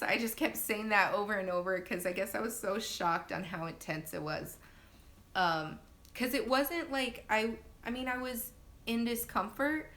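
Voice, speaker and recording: Bright-voiced chatty young mother. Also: a little slow. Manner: chatty and animated, acts out quotes with sudden loud high bursts; laughs often, many fillers. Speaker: new mother telling her birth story. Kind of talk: casual live-stream storytelling. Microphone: phone. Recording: phone live-stream audio.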